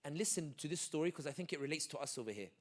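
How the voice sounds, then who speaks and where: A man giving an animated, joking community talk full of stories and quick asides. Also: a little high. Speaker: guest speaker. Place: community center hall.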